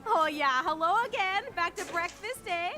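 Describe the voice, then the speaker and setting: A strange, cheerful woman in a diner, with a very high, bright voice. She chirps friendly small talk and tags "eh" onto her lines. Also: animated, normal speed, faint music behind, exaggerated voice. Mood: chirpy.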